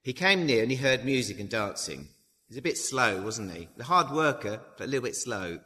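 A man's voice: medium pitch, expressive, fairly quick, bright, forceful tone. A man preaching a sermon in a chatty way, adding tag questions and acting out the dialogue of the story. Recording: long hall reverb.

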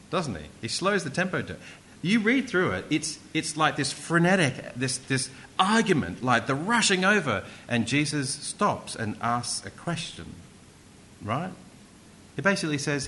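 A man's voice: on the high side, pushed and bright, slight background noise. A male preacher giving an interactive sermon, often asking the congregation questions and repeating words for emphasis.

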